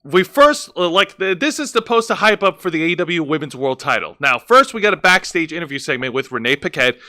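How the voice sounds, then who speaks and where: A man's voice: fairly high pitch, big pitch swings, fairly quick, bright, forceful tone. A man co-hosting a wrestling podcast, recapping segments with many fillers and restarts. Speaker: co-host. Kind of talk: casual wrestling review chat.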